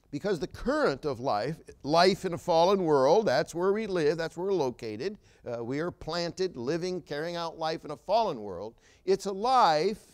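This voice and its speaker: Male pastor, sermon delivery, emphatic, somewhat higher voice, pauses with fillers. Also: darkish tone. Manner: emphatic preaching with rhetorical questions and frequent "uh" fillers. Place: church sanctuary.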